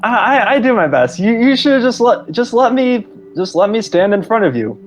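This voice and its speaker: High-voiced stammering male player. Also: big pitch swings, normal speed. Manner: stammering, defensive. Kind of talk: casual game chat.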